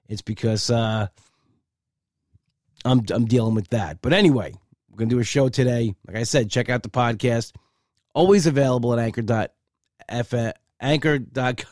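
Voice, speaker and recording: A man hosting his own podcast in a casual, rambling way, hoarse and congested from a cold with a gravelly voice. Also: medium pitch, darkish tone, no echo, clean studio sound. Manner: rambling, repeats words when starting sentences. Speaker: podcast host. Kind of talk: casual solo podcast talk.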